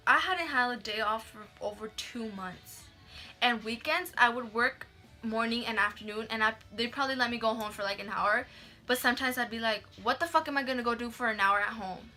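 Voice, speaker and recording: A woman's voice: a little high, moderate pace, pushed and bright, faint music behind. A young woman telling a story in a casual vlog, chatty, swearing freely and acting out the people she quotes.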